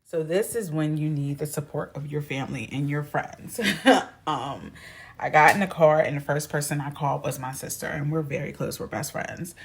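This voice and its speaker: A woman vlogger telling a personal story in a chatty, animated way, acting out what people said. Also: deep voice, moderate pace, slight background noise. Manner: chatty, animated, acts out quoted voices. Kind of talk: casual storytelling to camera.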